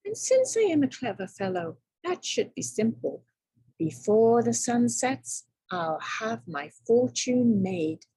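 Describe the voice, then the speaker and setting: A cocky young farm lad bursts out of a read-aloud picture book, a woman putting on his raised, eager voice. The tone sits higher than a plain reading voice, with a husky, gravelly edge. It stays dry and close. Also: big pitch swings, measured pace, darkish tone, dry recording, exaggerated voice. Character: clever young Irish farm lad, boastful.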